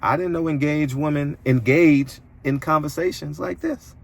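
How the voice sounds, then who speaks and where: Working as a boxing commentator, a man delivers a preachy, emphatic opinion monologue at normal speed, with vocal fry. When he gets indignant, his voice jumps higher.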